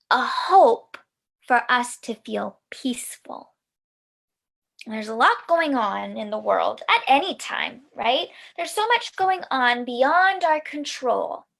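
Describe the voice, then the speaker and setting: A woman guides children through a mindfulness practice in a calm, soothing tone. She speaks very slowly with a fairly high voice. A gravelly fry runs under her words. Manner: slow, gentle, soothing instruction. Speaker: mindfulness teacher.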